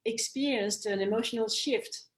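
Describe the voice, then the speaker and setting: A woman coach chatting on a podcast, telling a client story with animated quoted voices. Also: a little high, normal speed, rough recording. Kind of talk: casual podcast conversation. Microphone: podcast mic, online call.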